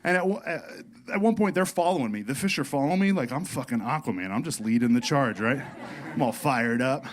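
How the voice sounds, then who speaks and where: A male stand-up comedian telling a story on a club stage with energetic, profane, animated delivery. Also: medium pitch, fairly quick. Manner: energetic, swearing, animated delivery with acted-out quotes.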